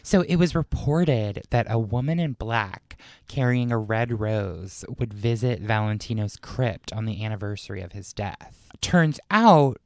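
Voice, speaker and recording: A man's voice: fairly low pitch, animated, a little slow, dry recording. A man co-hosting a podcast, reading notes in a jokey, casual way and often trailing off mid-sentence. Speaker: podcast co-host.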